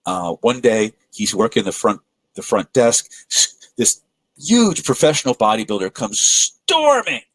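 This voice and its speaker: Animated low-voiced male webinar presenter. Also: breathy edge, no room sound, rough recording. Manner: animated storyteller acting out quoted voices, frequent filler restarts. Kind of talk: live webinar teaching with storytelling.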